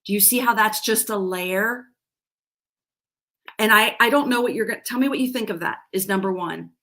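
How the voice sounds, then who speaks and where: A woman's voice: medium pitch, moderate pace, sharp tone. A middle-aged woman giving a live-streamed coaching talk, earnest and self-deprecating, often restarting her sentences. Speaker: life coach.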